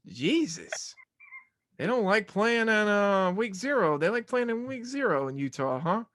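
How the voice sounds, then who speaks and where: A man's voice: high-pitched, expressive, measured pace, fairly bright tone, dry recording, clean studio sound. A young man hosting a sports podcast, talking casually in rambling, self-mocking rants. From Arkansas fan, southern US.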